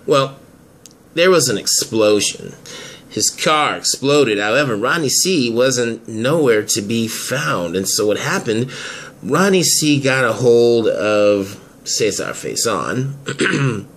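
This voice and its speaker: A man doing a slow, gloating schemer. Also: mid-range voice, expressive, fairly bright tone, a little hiss or hum. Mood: menacing. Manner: slow and gloating, chuckles between lines. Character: smug scheming man, calm and menacing. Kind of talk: hobby audio drama acting.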